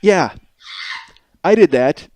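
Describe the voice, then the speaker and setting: A man in his forties hosts a solo comedic podcast, rambling, swearing and poking fun at himself. His voice is on the high side with a darkish tone and lively intonation, and he takes it slowly over slight background noise.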